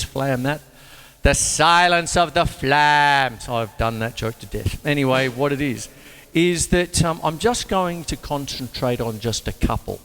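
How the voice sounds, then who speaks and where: A man teaching drums in a casual, jokey way, talking between demonstrations and breaking into sudden high exclamations. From Australia. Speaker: drum teacher and show host. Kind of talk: casual drum lesson with demonstrations. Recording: reverberant room with loud drumming behind.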